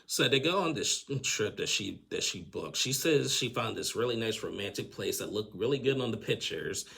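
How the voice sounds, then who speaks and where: Man, husky voice, bright tone, casual show recap, laughs a lot. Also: fairly low pitch. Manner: chatty, laughs often, repeats words. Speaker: TV recap host.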